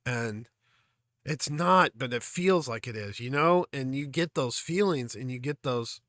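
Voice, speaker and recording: Earnest man reacting with halting emotion. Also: medium pitch, lively intonation, a bit bright, no room sound, clean studio sound. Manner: earnest, halting, reflective with many fillers. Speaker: music reaction host. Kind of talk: casual reaction commentary.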